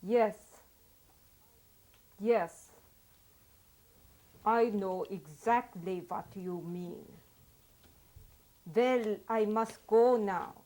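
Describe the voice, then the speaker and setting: A woman's voice: mid-range voice, drawn-out words, pauses often, mellow, poor audio. An actress playing a stiff, formal woman reciting polite lines.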